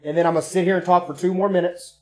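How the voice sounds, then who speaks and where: A man telling a story in casual chat, animated and profane, acting out what people said. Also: sits high, very fast. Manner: profane, animated, acts out quotes.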